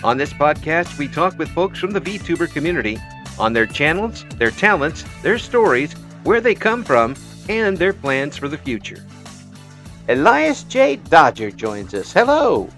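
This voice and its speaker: A man's voice: fairly high pitch, very animated, measured pace, fairly bright tone, soft background music. An American man hosting a casual interview podcast, joking and laughing between lines. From United States. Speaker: podcast host.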